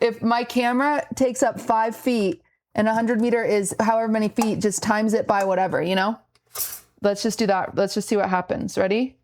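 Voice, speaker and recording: A woman's voice: medium pitch, slight background noise. A woman streaming from home, chatting casually and pointing self-deprecating jokes at her chat while she moves around her kitchen.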